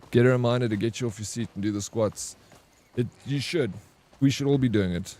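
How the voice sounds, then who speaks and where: A man's voice: on the low side, brisk, mellow. A man giving casual, chatty gaming commentary, swearing freely and answering his chat. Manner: chatty, swears casually, calls viewers bro; reacts to chat messages. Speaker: gaming streamer.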